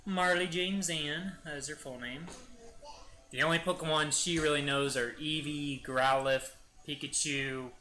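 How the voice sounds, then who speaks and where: A man's voice: mid-range voice, steady tone, normal speed, bright, forceful tone, low-quality recording. A young man giving casual gameplay commentary, playful and rambling as he tries out silly voices. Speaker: gaming YouTuber.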